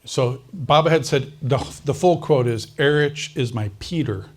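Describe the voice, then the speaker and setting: Speaking at a measured pace, this man shares a personal anecdote during a casual interview. His pitch is average for a male, and he brings the story to life by voicing the other characters and laughing a lot.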